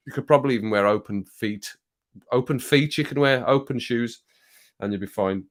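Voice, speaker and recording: A man's voice: mid-range voice, normal speed. A man hosting a casual livestream, reading out viewer comments in a rambling, jokey way and getting worked up now and then. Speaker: livestream host.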